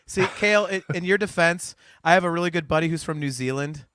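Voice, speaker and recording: A man hosting a casual podcast chat, animated and teasing, often laughing. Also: on the high side, fast, clear, resonant tone, no echo, clean studio sound. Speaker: podcast host.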